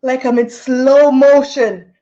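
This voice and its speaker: A woman's voice: high voice, slow pace, muffled recording. A woman telling a story casually in a vlog, repeating phrases and laughing between them. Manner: repetitive, laughing, animated storytelling. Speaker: vlogger.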